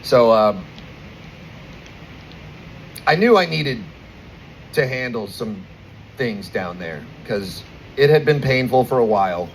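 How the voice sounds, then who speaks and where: A man in his twenties with an American accent, doing a crude stand-up set with animated, acted-out stories, performing outdoors at a bar. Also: medium pitch, slow, pauses often, slight background noise, rough recording. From United States. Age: 20s. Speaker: stand-up comedian.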